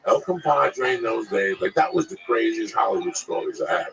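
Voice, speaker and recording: A male comedian telling crude, animated stories in casual chat, acting out the people in them. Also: medium pitch, fairly quick, creaky, low-quality recording.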